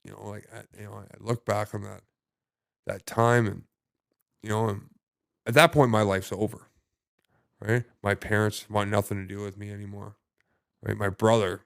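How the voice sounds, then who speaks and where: Low-voiced man, blunt and profane. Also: vocal fry, clear, resonant tone, no room sound, clean studio sound. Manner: halting, profane, many restarts and fillers. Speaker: podcast guest. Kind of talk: casual conversation.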